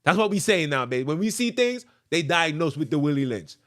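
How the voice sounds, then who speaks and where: Animated ranting podcast host, man. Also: a little high, a little fast. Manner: animated, ranting, repeats phrases, jokes. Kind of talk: animated podcast commentary and reading aloud.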